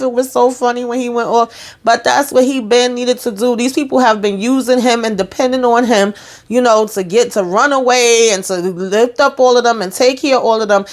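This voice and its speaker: A woman giving a casual TV episode recap in an animated, blunt and slangy way, swearing freely. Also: fairly high pitch, normal speed. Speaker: TV show recap reviewer.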